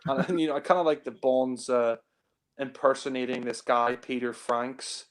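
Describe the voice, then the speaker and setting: A man of average pitch talks loosely about movies over a group call. He rambles, fills gaps with ums and you-knows, and chuckles often at his own points. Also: fairly even intonation, moderate pace. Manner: rambling, heavy on fillers, laughs often. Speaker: film reviewer. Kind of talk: casual film discussion.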